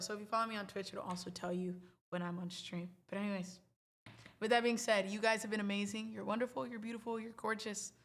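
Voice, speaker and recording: A woman's voice: on the high side, a bit bright. A woman hosting a livestream, talking casually to her viewers in a rambling, playful, chatty way. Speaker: livestream host.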